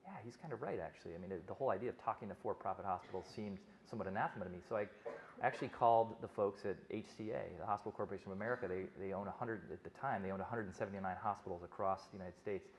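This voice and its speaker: Middle-aged man, doctor addressing a conference crowd, low voice, rapid chatty delivery with restarts. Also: fairly even intonation, a little hiss or hum. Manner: fast, conversational storytelling with frequent restarts. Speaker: physician giving a talk. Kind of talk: conference talk to an audience.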